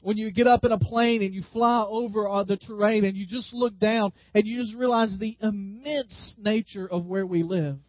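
A man's voice: sits high, dry recording. A man preaching a sermon as a pastor, leading the congregation in call-and-response and drawing words out for emphasis. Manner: slows down and stretches words for emphasis. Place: church. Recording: dull, slightly lo-fi dry sound.

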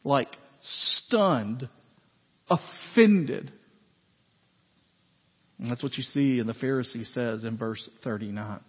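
Man, pastor, chatty animated sermon, husky high voice, long church echo, muffled sound. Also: slow, long pauses. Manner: conversational, animated preaching with asides to the congregation. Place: church sanctuary. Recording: echoey hall, dull lo-fi sound.

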